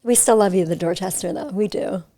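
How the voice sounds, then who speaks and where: A woman's voice: fairly low pitch, fairly quick, warm tone. A young woman hosting a podcast, talking in a chatty, giggly way full of fillers, recorded in a hotel suite. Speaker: podcast host. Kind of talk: casual chat.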